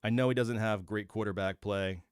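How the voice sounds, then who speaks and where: A man hosting his own channel, giving opinionated casual commentary and thinking out loud with fillers and restarts. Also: on the low side, steady tone, normal speed, smooth, no echo, studio quality. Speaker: host of a football channel.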